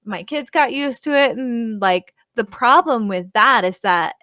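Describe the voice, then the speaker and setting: A woman's voice: fairly high pitch, lively intonation, a little slow, sharp tone, dry recording, clean studio sound. A woman in her thirties telling a story in casual chat, rambling, swearing and filling her talk with "like.". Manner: rambling, profane, full of "like" fillers.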